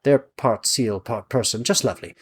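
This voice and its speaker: A man voicing a brisk, wry older witch with a dry, breezy and decisive way of talking. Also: mid-range voice, slightly rough, lightly acted.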